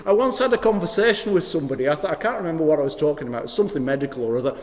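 Animated vicar in an echoing church. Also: male voice, fairly high pitch, very fast. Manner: animated, wry storytelling with sudden drops to hushed emphasis. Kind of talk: sermon. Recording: long hall reverb.

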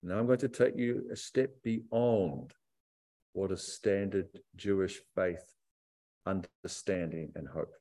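A man preaching a sermon to a church congregation, reflective and emphatic, stretching key phrases out slowly. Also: sits low, mellow. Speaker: pastor.

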